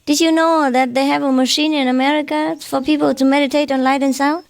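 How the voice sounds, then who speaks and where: A woman's voice: sits high, flat delivery, a little fast, gravelly, no echo. A woman spiritual teacher giving an informal lecture, chatty and self-mocking, often ending phrases with a questioning "huh?". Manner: self-mocking, joking about her broken English.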